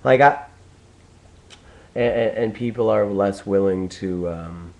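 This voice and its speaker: A man's voice: lowish voice, takes it slowly, gravelly, a little mellow, highs cut off. Profane young man ranting casually. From United States. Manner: profane, ranting, full of restarts. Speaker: vlogger. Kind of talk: casual rambling monologue.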